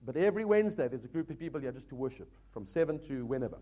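A man's voice: medium pitch, lively intonation, very fast, dark tone. A man preaching a sermon as pastor, earnest and exhorting, often addressing the congregation as folks.

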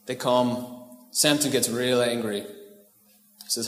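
A man leads a sermon as a pastor, chatty and playful rather than formal. His mid-pitched voice carries through a large church hall with a long, roomy echo. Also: steady tone, slow pace, a bit bright. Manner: casual, joking asides, asks the crowd "right?". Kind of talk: conversational sermon. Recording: echoey hall with long reverb.

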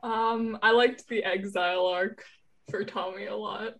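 A young woman chatting casually as a fan, hesitant and quick to laugh. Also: mid-range voice, fairly even intonation, gravelly, a bit bright. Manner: laughing, hesitant, lots of fillers. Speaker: fan interviewee. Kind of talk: casual chat.

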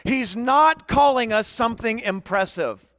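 A middle-aged man preaching a sermon as guest pastor, emphatic, slowing down to stress key words and questioning the congregation. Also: extremely high pitch, fairly bright tone, dry recording, studio quality, big-room sound. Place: church sanctuary.

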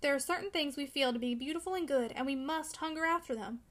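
A woman's voice: high-pitched, fast, a bit bright. A woman reading the part of a discouraged young man who speaks impetuously and pleadingly. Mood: discontented. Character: discouraged, longing young man of twenty-one. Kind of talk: audiobook character reading.

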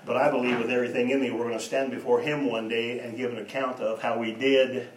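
A man preaching a sermon, telling stories and moving between hushed and emphatic delivery. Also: medium pitch, flat delivery, quick pace, slight background noise. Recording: echoey room, voice from a distance.

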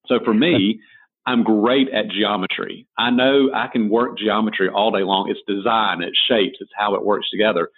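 A man's voice: fairly low pitch, steady tone, moderate pace, husky. A man with a Southern American accent, a designer and author answering interview questions in a folksy, storytelling way. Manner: folksy storyteller, frequent restarts. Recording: tinny phone-like line.

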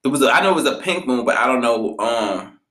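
A man hosting a podcast, telling stories in a blunt, profane and animated way. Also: mid-range voice, fast, reverberant. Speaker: podcast host. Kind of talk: casual podcast monologue.

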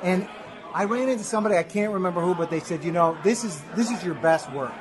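A man hosting a casual interview, asking quick, prodding questions. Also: high voice, a crowd in the background. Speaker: podcast host.

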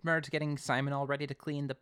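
A podcast co-host recapping an episode in casual chat, animated, with frequent restarts. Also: medium pitch, very fast, clean tone, dry recording. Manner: animated, with many restarts and quoted voices.

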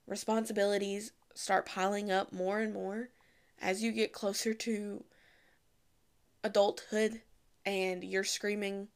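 A young woman giving casual, candid advice to the camera, chatty and frank, with lively asides. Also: medium pitch, measured pace. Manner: chatty, candid, acts out quoted voices.

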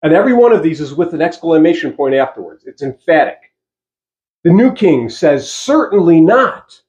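A man's voice: fairly high pitch, animated, dark tone. Emphatic male pastor preaching, lo-fi sound. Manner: emphatic, slows down to stress key phrases; asks rhetorical questions to the congregation. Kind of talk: sermon.

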